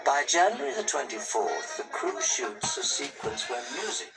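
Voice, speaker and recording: A man narrating a documentary in a scripted, measured way, reading out dates and facts. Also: medium pitch, very animated. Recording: distant sound with music behind.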